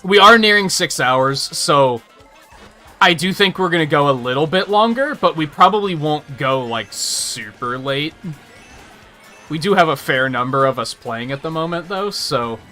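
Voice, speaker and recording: A man ranting and swearing on a live gaming stream, mocking people in loud bursts. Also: on the high side, lively intonation, moderate pace, faint music behind. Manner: ranting, profane, mocks others in loud bursts.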